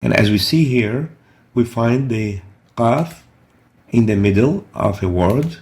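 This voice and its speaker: A man with a gravelly edge to his voice, teaching a recitation lesson. He explains each rule step by step and patiently repeats example words slowly so they can be heard clearly. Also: mid-range voice, animated, darkish tone, a little hiss or hum. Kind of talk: explaining tajweed rules step by step.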